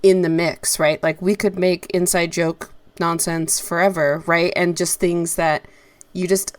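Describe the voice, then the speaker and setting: Woman co-host, low pitch, dry close sound, rambling conversational questions. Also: little pitch movement, measured pace, no echo. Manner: chatty, rambling, asks questions. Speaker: podcast co-host. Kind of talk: casual interview chat.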